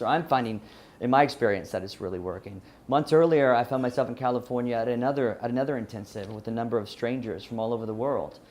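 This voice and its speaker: A Louisiana man with a light Southern twang speaks to an audience about his own life. He is earnest, restarts his sentences often and laughs at himself, his voice sitting at an ordinary middle pitch. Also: darkish tone, a little hiss or hum. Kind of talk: personal story talk.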